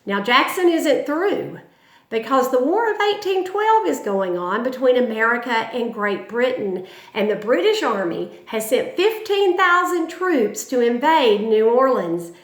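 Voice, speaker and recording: A woman's voice: on the high side, lively intonation, measured pace, echoey room. Woman telling history dramatically. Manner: dramatic, emphatic storytelling. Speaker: teacher. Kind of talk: history lesson storytelling.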